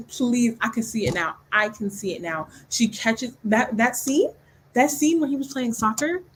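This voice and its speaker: A woman's voice: fairly high pitch, a little hiss or hum, poor audio. A young woman hosting a book club livestream, chatting casually and animatedly, laughing often and acting out scenes in voices. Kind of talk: casual chat.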